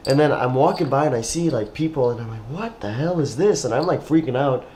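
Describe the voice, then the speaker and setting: A man's voice: medium pitch, lively intonation, fairly quick, a little mellow, a little hiss or hum, rough recording. Young man telling a rambling story. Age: young adult. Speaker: podcast co-host. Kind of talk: casual chat.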